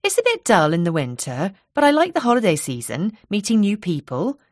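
A woman reading aloud gives a chatty young hairdresser from the island a lifted, bubbly voice with a soft Isle of Wight burr. She gushes in a friendly, talkative way. The sound is dry and close, with no room around it. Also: medium pitch, big pitch swings, a little fast, no room sound, voice pushed up, natural voice. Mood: cheerful.

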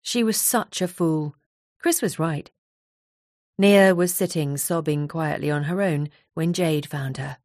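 A woman with a lowish voice narrates a novel. She reads steadily and evenly. The sound is dry and close, with no room at all. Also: measured pace, a little mellow, dry recording. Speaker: audiobook narrator. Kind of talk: scripted narration.

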